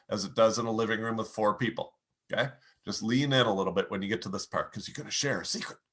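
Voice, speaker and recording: A middle-aged man giving a motivational lesson on telling your story, speaking directly to the listener and showing how to drop and lift his voice. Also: pushed and bright. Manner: direct, coaching, addresses listener as you; demonstrates voice changes, lowering and raising pitch. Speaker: speaking coach. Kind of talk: motivational teaching talk.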